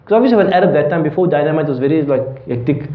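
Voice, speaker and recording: A man's voice: on the high side, expressive, racing. A man teaching a classroom lecture. He explains with everyday examples and keeps checking that students are following. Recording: roomy, dull lecture-hall recording.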